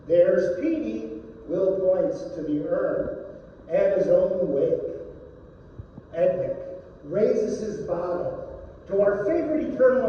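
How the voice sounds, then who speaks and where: Male poet reading slowly, heard from afar in a reverberant gallery. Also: high voice, recorded from a distance, muffled recording, slight background noise. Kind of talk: poetry reading with voiced characters. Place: art gallery.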